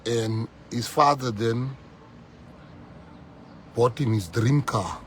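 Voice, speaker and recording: South African male politician, fiery rally speaker, loud peaks, slight background hiss. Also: medium pitch, slow. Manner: fiery, switching between English and Afrikaans, shouting at peaks. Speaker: political leader. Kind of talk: rally speech.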